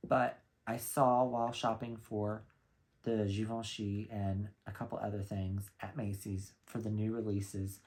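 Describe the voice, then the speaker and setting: A young man reviewing perfumes in a casual, blunt and animated way, cursing freely. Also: lowish voice, vocal fry. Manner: opinionated, blunt and animated, with swearing and laughs. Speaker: fragrance reviewer.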